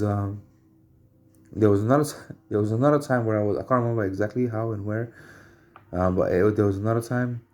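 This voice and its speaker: A man at home telling rambling personal anecdotes, halting and repeating phrases as he searches for words. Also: lowish voice, creaky, dark tone, slight background noise. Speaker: storyteller.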